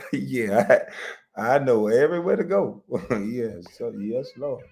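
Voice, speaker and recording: Laughing, loud-talking man telling stories. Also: medium pitch, expressive, slow. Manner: loud, laughing, swearing storyteller. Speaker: show host. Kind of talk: casual storytelling chat.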